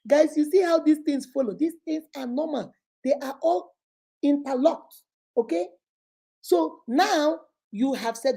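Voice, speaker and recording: A woman's voice: high-pitched, unhurried, mellow. A middle-aged woman with a Nigerian accent, giving earnest, emphatic relationship advice as the host of a talk video. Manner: earnest and emphatic, lapses into Igbo phrases.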